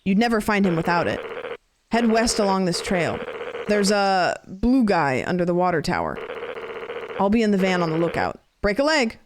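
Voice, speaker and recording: A woman's voice: mid-range voice, very animated, normal speed, noisy background, close to an everyday voice. A woman reading a game's dialogue aloud, voicing an easygoing, cheerful man in a van with a breezy, upbeat delivery.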